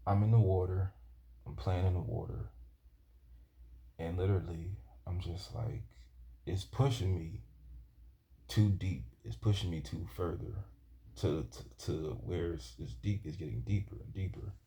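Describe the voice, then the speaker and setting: A man telling a personal story from his youth in a halting, rambling way, often restarting his sentences. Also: sits low, warm tone. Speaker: vlogger.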